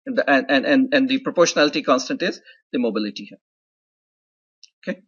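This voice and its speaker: Husky-voiced male lecturer, dull recording. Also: mid-range voice, animated, fast, a bit bright. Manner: explanatory, often adds "right?" and "okay?" checks. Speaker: university lecturer. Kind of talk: classroom lecture.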